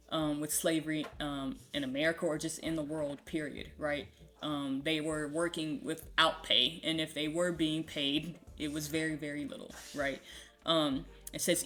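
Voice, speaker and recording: Low-voiced woman teaching scripture casually. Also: a bit bright. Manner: conversational, frequent "um" and "right?" tags. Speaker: Bible teacher. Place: home with a puppy nearby.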